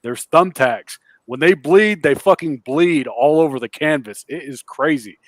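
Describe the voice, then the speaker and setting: Man, higher voice, enthusiastic, swearing, dry sound. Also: animated, unhurried, no echo. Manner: enthusiastic, profane. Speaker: contributor. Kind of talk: casual chat.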